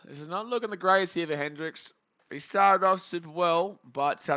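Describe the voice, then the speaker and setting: Excitable Australian guy reacting live. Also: high voice, moderate pace, highs cut off. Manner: excitable, jokey, swings between muttering and shouting. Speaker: live-stream sports reaction host. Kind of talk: live play-by-play reaction chat.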